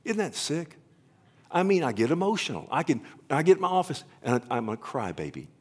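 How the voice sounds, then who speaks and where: A man's voice: mid-range voice, big pitch swings, quick pace, breathy edge. Emotional preaching man in his fifties. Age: 50s. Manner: rambling restarts, rising to loud proclamation; emotional, pleading. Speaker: pastor. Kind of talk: sermon with altar call.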